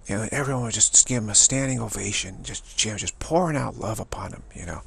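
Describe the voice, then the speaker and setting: A man's voice: fairly low pitch, quick pace, vocal fry, breathy edge. A man, a spiritual teacher, telling a personal story and acting out what other people said.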